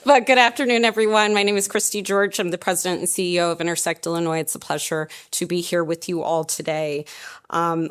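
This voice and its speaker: A woman speaks at a press conference, delivering a prepared, upbeat speech with a slightly low voice. She works briskly through lists of partners and thanks, with a light touch of humor. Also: fairly bright tone. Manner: upbeat, reads thank-you lists, laughs at own jokes. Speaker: president and CEO of an economic development group.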